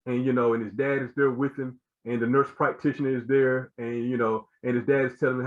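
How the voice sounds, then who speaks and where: A man's voice: medium pitch, steady tone, quick pace, few pauses. Earnest man talking over dull lo-fi audio. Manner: earnest, repeats himself, many "you know" fillers. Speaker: guest speaker. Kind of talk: explanatory talk on a show.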